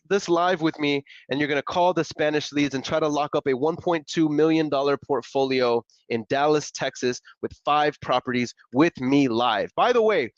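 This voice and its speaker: A young adult man hosting a live stream, talking in a slangy, excitable way and laughing often. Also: on the high side, no room sound. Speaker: live-stream host making real estate calls. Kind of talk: casual live-stream chat. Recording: dull lo-fi dry sound.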